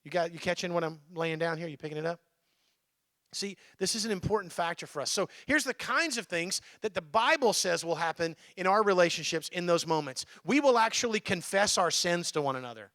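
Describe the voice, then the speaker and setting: A man's voice: high-pitched, lively intonation, a little fast, a bit bright, no room sound, studio quality. A male pastor giving a conversational sermon in church, often checking in with his listeners.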